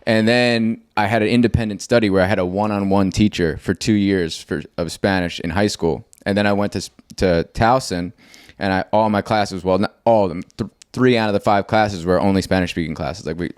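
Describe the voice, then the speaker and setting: Low-voiced guy hosting a chat, rambly and animated, dry close mic. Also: a little fast, smooth, dry recording. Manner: rambling, filler-heavy, animated storytelling. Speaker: host. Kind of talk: casual conversation.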